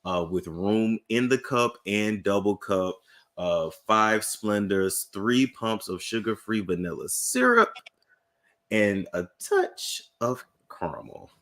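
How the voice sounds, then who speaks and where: A man hosting a casual chat, telling lively stories and laughing often. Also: fairly low pitch, slow pace. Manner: animated storyteller, laughs a lot. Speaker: host.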